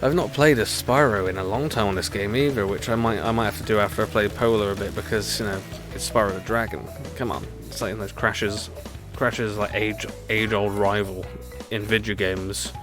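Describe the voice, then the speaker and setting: A man's voice: fairly low pitch, fairly even intonation, moderate pace. A man streaming a racing game live, chatting in a rambling way and laughing often as he plays. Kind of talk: live gameplay commentary. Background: racing game music.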